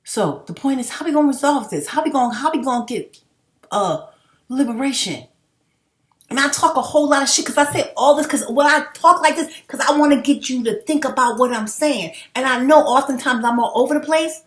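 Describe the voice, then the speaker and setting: A woman's voice: fairly high pitch, lively intonation, normal speed. A middle-aged woman vlogging in a casual, rambling monologue, emphatic and full of swearing. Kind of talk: casual unscripted monologue to camera. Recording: roomy echo.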